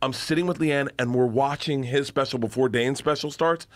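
A middle-aged man telling rambling, excitable stories in a casual podcast chat, laughing and swearing often. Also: mid-range voice, normal speed, no room sound. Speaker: podcast guest comedian.

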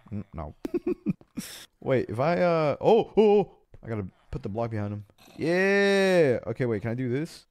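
A young man casually livestreaming a game, excitable and swearing, with sudden shouts. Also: sits high, no echo. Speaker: streamer.

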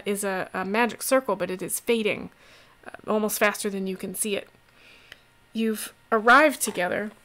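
A woman narrating as game master of a tabletop game, relaxed and rambling with fillers. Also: medium pitch.

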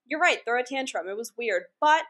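A woman's voice: fairly high pitch, animated, fairly quick, a bit bright. A young woman co-hosting a podcast in casual chat, talking in a chatty way with lots of fillers. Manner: chatty, frequent "like", laughs easily. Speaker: podcast co-host.

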